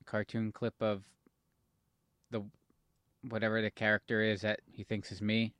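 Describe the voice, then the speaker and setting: A man's voice: lowish voice, completely flat delivery, moderate pace, a bit bright, clean tone, dry recording, highs cut off. A man co-hosting a podcast, telling stories in a chatty way and swearing casually. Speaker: podcast co-host. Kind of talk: casual chat.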